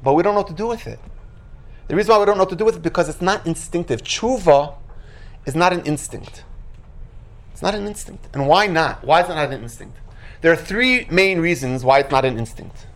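A religious teacher giving an animated Torah lecture, acting out quotes and sound effects and asking rhetorical questions. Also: mid-range voice, brisk.

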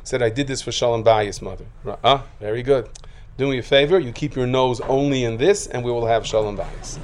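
A man giving a sermon full of stories, acting out voices and rising to loud bursts. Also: mid-range voice, fairly quick, slight background noise. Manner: lively storyteller who acts out quotes, rising to loud outbursts. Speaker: rabbi giving a talk.

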